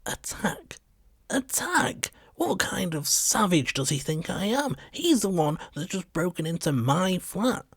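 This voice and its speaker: A man voicing a distressed male Jack Russell dog, yelping high and frantic in a storybook reading. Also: very animated, a little slow, fairly bright tone, slightly rough, no room sound, clean studio sound, exaggerated voice. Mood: confused outrage.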